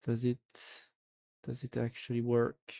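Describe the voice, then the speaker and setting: A man's voice: mid-range voice, monotone, a little slow, vocal fry, mellow. A man with a French accent chatting casually and joking while he codes on a live stream. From France. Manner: joking, musing aloud, full of restarts.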